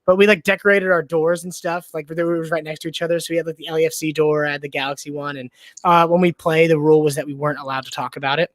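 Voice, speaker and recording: A man's voice: on the high side, little pitch movement, rapid-fire, a bit bright, no room sound. A young man hosting a podcast, chatting casually and rambling with lots of "like" and "you know". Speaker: podcast host. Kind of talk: casual interview chat.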